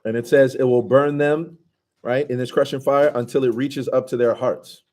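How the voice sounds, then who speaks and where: Male teacher, mid-pitched and relaxed, leading an informal commentary class. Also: normal speed. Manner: casual, asks the class questions, drops into Arabic recitation. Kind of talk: conversational Quran commentary class.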